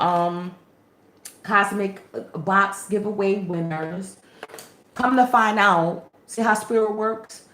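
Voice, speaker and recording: A woman spiritual reader in casual chat to camera, animated and slangy, with preachy asides. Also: fairly low pitch. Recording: echoey room.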